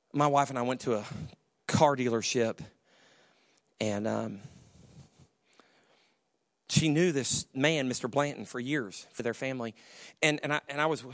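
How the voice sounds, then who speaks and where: A middle-aged man preaching a sermon, swinging from shouted, high bursts of emphasis down to hushed, quiet storytelling, often repeating and restarting his phrases. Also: dry recording, clean studio sound.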